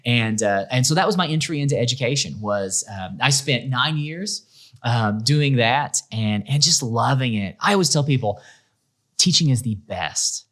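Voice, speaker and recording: Animated middle-aged man telling stories. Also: medium pitch, normal speed. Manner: animated, acts out quoted voices, many restarts. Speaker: school principal, podcast guest. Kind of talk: casual storytelling interview.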